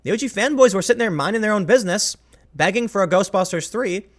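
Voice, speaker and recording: Speaking fast in a high-pitched, expressive voice, a man rambles through an opinionated monologue as host. He frequently halts and restarts sentences, emphatic and prone to interrupting himself.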